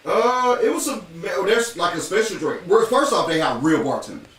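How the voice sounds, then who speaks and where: A man's voice: sits high, moderate pace. A man co-hosting a casual podcast chat, laid-back, calling everyone "bro" as he tells stories. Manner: laid-back, says "bro" a lot, animated storytelling. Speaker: podcast co-host. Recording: echoey room, mic at a distance, faint noise.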